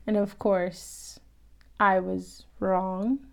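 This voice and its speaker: A woman casually recapping a TV episode, chatty and animated, laughing often and acting out quoted lines. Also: medium pitch, very slow, vocal fry.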